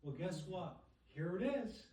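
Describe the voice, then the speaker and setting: A man's voice: high voice, very animated, measured pace, warm tone. A man casually presenting books to a dinner group, often checking in with "okay?" and "right?". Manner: chatty, keeps asking "okay?" and "right?". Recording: echoey room, voice from far off.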